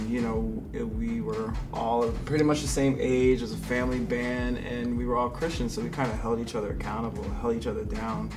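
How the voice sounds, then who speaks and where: A young man, a ministry co-founder, reflecting in a measured way in a casual conversation. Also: mid-range voice, recorded from a distance.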